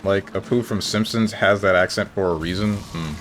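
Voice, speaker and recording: A man streaming a game, talking in a dry, low-key way to his chat, with sudden high yelps when he gets hit. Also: steady tone, moderate pace, a bit bright, a little hiss or hum. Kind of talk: casual gameplay commentary. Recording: game music behind the voice. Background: faint game music.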